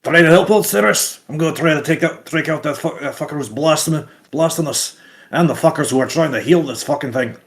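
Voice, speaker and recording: A man's voice: fairly high pitch, a little fast, voice pushed up, natural voice. A man voicing a foul-mouthed, aggressive male warrior in a tabletop game, barking urgent orders. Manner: profane, urgent.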